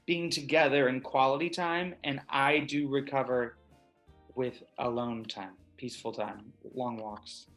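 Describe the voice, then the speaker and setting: A man's voice: medium pitch, fairly even intonation, unhurried, a bit bright, faint music behind. An American man, an actor guest, chatting expressively and casually in an interview. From USA.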